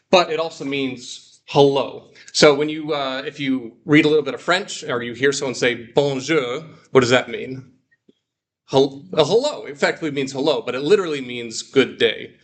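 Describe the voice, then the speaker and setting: A man teaching a Greek class, explaining patiently and slowing down to repeat words for students. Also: mid-range voice, fairly bright tone. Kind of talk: classroom lesson.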